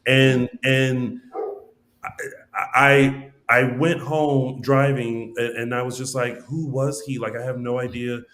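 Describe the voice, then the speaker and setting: A young adult man co-hosting a podcast, telling stories in a casual, animated way with many restarts. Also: medium pitch, slow pace. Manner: animated storyteller, rambling with restarts. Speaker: podcast co-host. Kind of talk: casual chat.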